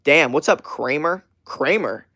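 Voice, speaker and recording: A young man hosts his own live stream, talking straight to viewers in a loose, profanity-laced rant. His voice sits a bit high for a man, and he swears freely as he vents and then drifts back into easy, casual chatter. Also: animated, unhurried, pushed and bright. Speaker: livestreamer. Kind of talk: casual livestream chat.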